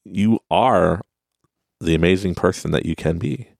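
A man's voice: sits low, a little slow, gravelly, a little mellow, no echo, clean studio sound. A man hosting a podcast, talking casually about self-help and laughing at his own rambling stories. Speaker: podcast host.

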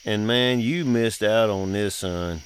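A middle-aged man, a father who hosts a podcast, drawls through family anecdotes with frequent laughs in a casual storytelling chat. He speaks slowly in a lowish voice. A little hiss or hum sits in the recording.

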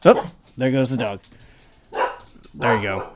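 A man's voice: mid-range voice, measured pace, noisy background. A man who works as a restaurant server, rambling through a casual story and acting out the people in it. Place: near Los Angeles.

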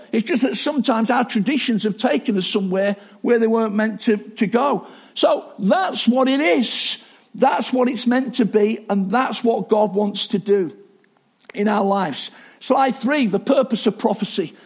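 A man's voice: sits high, unhurried, slightly rough. A man preaching a sermon in a chatty, self-deprecating way, with asides and restarts.

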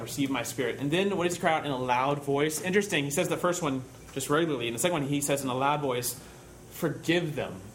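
A man's voice: fairly high pitch, slight background noise. A man preaching a sermon in a conversational way, telling stories and asking rhetorical questions.

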